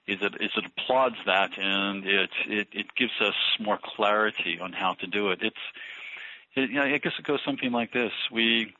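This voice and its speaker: A man talking through ministry ideas in an interview, thoughtful and halting with many restarts. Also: on the low side, pushed and bright, no room sound. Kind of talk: conversational interview about ministry. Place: Philadelphia. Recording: dull lo-fi radio audio.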